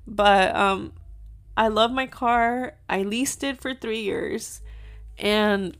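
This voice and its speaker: Woman vlogger in her thirties, casual storyteller, fillers throughout, sprinkles in Spanish, medium pitch. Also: takes it slowly, fairly bright tone. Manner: chatty, filler-heavy, lots of "like"; mixes in Spanish words.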